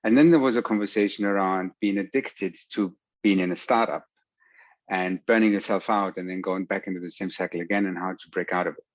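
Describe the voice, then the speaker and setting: A man, a podcast co-host, introducing clips in a plain, measured way. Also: deep voice, fairly even intonation, dry recording. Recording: dry, muffled recording.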